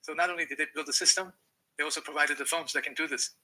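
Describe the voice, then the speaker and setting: Interview guest, male: higher voice, quick pace, earnest storyteller. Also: steady tone, bright, forceful tone, low-quality recording. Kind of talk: explanatory interview talk.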